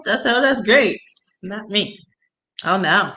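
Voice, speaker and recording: Host, young woman, bright voice, animated storyteller who laughs a lot. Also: mid-range voice, unhurried. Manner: animated, laughing often, talks in slang. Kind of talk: casual storytelling chat.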